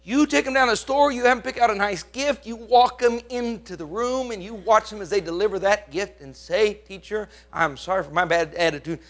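A man preaching a sermon as pastor, emphatic, swinging from hushed lines to loud ones and asking the congregation questions. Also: extremely high pitch, brisk, hardly any pauses.

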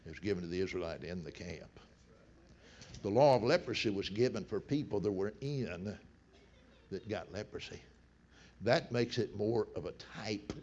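A middle-aged man preaching a sermon, telling stories in a folksy way that swings between loud bursts and hushed low passages. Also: a little hiss or hum. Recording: dull lo-fi sound.

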